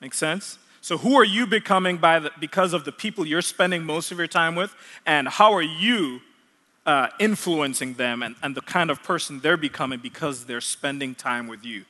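Male preacher from Jamaica, high and bright, earnest and repetitive; long hall reverb. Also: normal speed. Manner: earnest, repeats key points for emphasis. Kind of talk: sermon.

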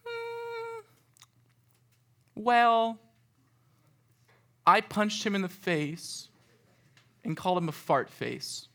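Crying little boy camper, high, whiny, sulky, blaming. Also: huge pitch swings, extremely slow, pauses often, bright, forceful tone, exaggerated voice.

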